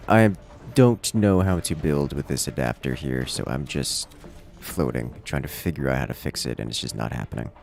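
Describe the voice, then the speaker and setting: Male stream host, very low and gravelly, mutters to himself while playing. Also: moderate pace, hardly any pauses, darkish tone, faint music behind. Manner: musing aloud while playing, reading chat. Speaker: livestream host. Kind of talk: casual gaming livestream chat.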